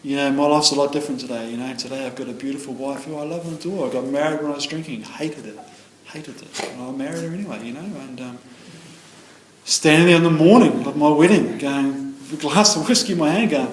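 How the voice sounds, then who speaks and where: A man's voice: on the high side, fast. Earnest New man in a roomy hall. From New Zealand. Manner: rambling, earnest, peppered with "you know". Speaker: AA meeting speaker. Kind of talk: personal share at a recovery meeting. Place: meeting room. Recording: roomy meeting hall with faint ambience.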